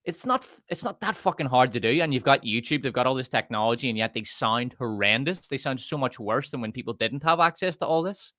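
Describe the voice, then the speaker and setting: A man hosting a casual panel chat, ranting emphatically and profanely with big swings in pitch. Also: lively intonation, fairly quick, hardly any pauses, bright, forceful tone, no room sound, studio quality.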